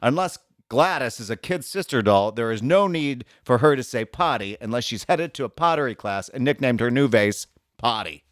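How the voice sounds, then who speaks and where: Sardonic man with lively pitch. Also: moderate pace, hardly any pauses, dry recording, studio quality. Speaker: co-host reading advice letters. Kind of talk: comedic advice podcast chat.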